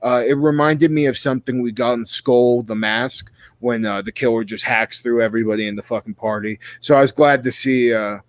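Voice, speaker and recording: A man's voice: medium pitch, fairly even intonation, brisk, hardly any pauses, dry recording. A man co-hosting a horror movie podcast, talking casually and profanely with lots of enthusiasm and restarts. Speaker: podcast co-host.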